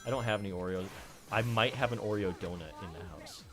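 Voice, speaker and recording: A man with a fairly low voice streams a game and chats casually. He tells his stories in an animated way and keeps breaking into laughter. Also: fast, over music. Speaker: streamer playing games. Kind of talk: casual chat while gaming.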